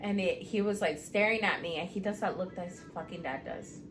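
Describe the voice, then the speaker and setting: A woman in her thirties, a podcast co-host, telling a profane, animated story in casual chat. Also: on the low side, brisk, background noise.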